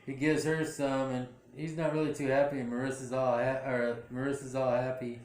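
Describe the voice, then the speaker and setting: A man's voice: medium pitch, little pitch movement, moderate pace, a little mellow. Rambling man recapping a drama. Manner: rambling, full of fillers and self-corrections. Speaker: show recap vlogger. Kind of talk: casual episode recap. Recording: echoey room.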